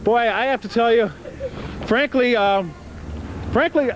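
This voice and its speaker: A high-voiced man rattles on as a hammy local TV reporter. He rambles with mock excitement. He is out in the winter cold. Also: unhurried, pauses often, a little hiss or hum, low-quality recording. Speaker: comic host of a local TV special.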